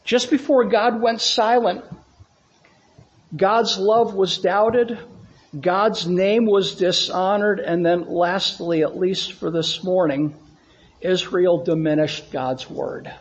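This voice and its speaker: Slow deliberate preacher guy, bit high voice, repeats himself for emphasis, muffled lo-fi church recording. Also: fairly even intonation. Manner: repeats phrases for emphasis, asks the congregation questions. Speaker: pastor. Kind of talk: sermon. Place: church sanctuary with congregation.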